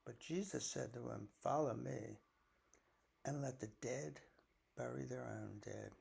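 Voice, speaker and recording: Older man, grandfather, scripture reading with casual commentary, slow, raspy, folksy. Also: mid-range voice, a little mellow. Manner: folksy, chatty asides.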